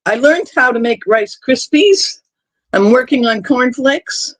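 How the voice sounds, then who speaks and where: A man's voice: very high voice, expressive, takes it slowly, fairly bright tone, dry recording. A man hosting a live stream, telling rambling personal stories in casual chat. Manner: rambling anecdotal storytelling. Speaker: stream host.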